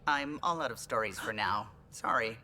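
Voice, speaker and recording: Bright lively alien pilot guy, proud of his ship, faint rumble behind. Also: moderate pace.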